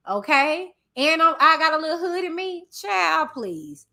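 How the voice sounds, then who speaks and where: A woman from Texas with a Southern accent, hosting a livestream and reading viewer comments aloud in a loud, passionate, chatty way. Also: high voice, big pitch swings, unhurried, gravelly. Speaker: livestream host reading chat. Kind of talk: casual chat with viewers.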